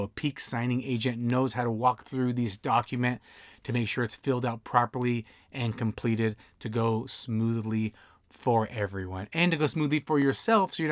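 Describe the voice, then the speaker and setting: A man's voice: medium pitch, steady tone, moderate pace, dry recording, clean studio sound. A man hosting an instructional podcast, explaining tips in a conversational way and acting out client dialogue. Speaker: podcast host and signing service owner.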